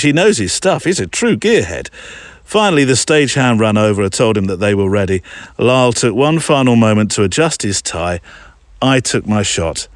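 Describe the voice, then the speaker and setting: A man's voice: on the low side, no room sound. A man hosting a photography podcast, reading a listener's letter aloud and breaking off for playful, jokey asides to the audience. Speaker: podcast host.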